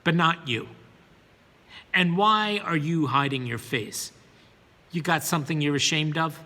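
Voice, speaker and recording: A man voicing a gruff, suspicious prison guard captain who barks his orders. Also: on the high side, a little slow, sharp tone, long reverb tail. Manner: barking, commanding.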